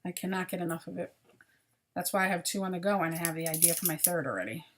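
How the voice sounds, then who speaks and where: A woman chats casually through her crochet projects for her viewers, tired and often apologizing. Her voice sits a bit on the low side. A faint background noise runs under the recording. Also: quick pace. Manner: chatty, apologetic, tired and yawning. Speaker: crochet podcast host.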